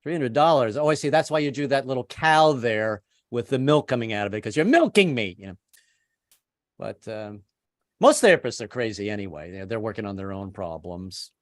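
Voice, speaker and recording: A man of seventy performing a stand-up comedy set over a video call, self-deprecating and halting, with many restarts. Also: fairly low pitch, lively intonation, no room sound, studio quality. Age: 70s. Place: home setup on a video call. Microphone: computer mic on a video call.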